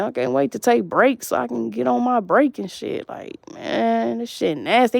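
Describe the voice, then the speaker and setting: A woman's voice: mid-range voice, creaky, darkish tone, no room sound, studio quality. A woman telling a long, rambling, profane story in an agitated monologue to camera.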